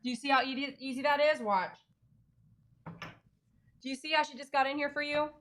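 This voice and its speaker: A middle-aged woman hosts a casual live-stream auction from her home. Her voice sits a little high, and she chats freely with viewers and her dogs between items. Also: fairly even intonation, a little fast, fairly bright tone, slight background noise.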